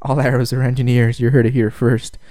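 A man's voice: mid-range voice, level tone, a little fast, warm tone, dry recording, clean studio sound. A young man co-hosting a podcast, rambling in casual chat with lots of fillers and laughter. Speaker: podcast co-host.

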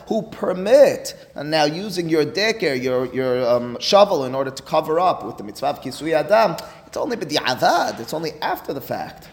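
A man teaches a Talmud class with an emphatic, animated delivery, slipping Hebrew and Aramaic terms into his points. His voice sits at a middle pitch. A long reverb hangs after his words, as in a large hall. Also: creaky.

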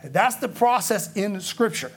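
A man's voice: high-pitched, lively intonation, measured pace, breathy edge. A man teaching a Bible study in a conversational, explanatory way, often checking in with his listeners. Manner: conversational, explanatory, frequent "okay?" check-ins.

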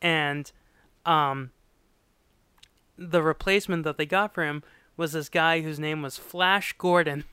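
On a casual podcast, a male co-host recaps a sitcom episode, acting out quotes and laughing often as an animated storyteller. His voice sits on the high side and is smooth and unhurried, with long pauses. The recording has no echo.

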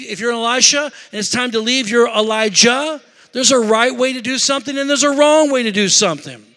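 A man's voice: very high voice, sharp tone, big-room sound. A middle-aged man preaching a sermon as pastor, emphatic, with call-and-response asides to the congregation.

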